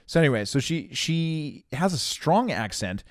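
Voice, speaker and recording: A young man co-hosting a podcast speaks a little slowly in a slightly high, very animated voice, recorded clean in a studio with no echo. He tells a rambling story in casual chat, swearing often and restarting his sentences.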